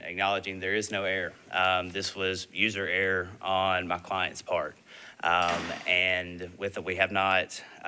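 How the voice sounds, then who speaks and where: A man speaking as an attorney at a public hearing, measured and formal, with frequent fillers. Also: low-pitched, pushed and bright, smooth. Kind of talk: formal legal argument. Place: public meeting room.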